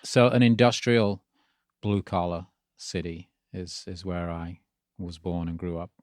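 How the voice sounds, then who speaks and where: Man, 60s, mixed English-American accent, deep voice, rambling interview guest, dry studio sound. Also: steady tone, unhurried, darkish tone, no room sound. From Birmingham, England. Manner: rambling, storytelling with restarts. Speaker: guest, radio DJ. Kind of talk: casual interview talk.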